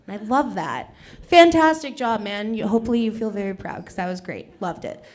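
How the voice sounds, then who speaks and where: A woman's voice: mid-range voice, expressive, brisk. A young woman hosting an open mic comedy night, chatty and teasing the crowd between acts. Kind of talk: live stand-up hosting. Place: small comedy stage.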